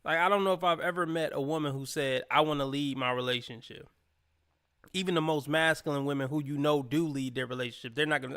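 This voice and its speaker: A man hosting a reaction livestream, talking bluntly and cursing often. His voice is bright and crisp, set a little high for a man. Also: fairly even intonation, fast. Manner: blunt and profane, mocks by quoting in a put-on voice. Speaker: livestream commentator.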